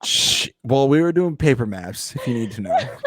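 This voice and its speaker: A man's voice: medium pitch, sing-song, moderate pace, a bit bright, dry recording, clean studio sound. Joking, profane man in his thirties. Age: 30s. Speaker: podcast host. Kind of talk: casual chat.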